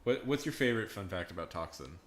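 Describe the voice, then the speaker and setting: A man's voice: low-pitched, very animated, fast, a little hiss or hum. Joking, rambling male streamer. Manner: rambling, joking, laughing, trailing off. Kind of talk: casual live-stream chat. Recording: echoey room with faint ambience.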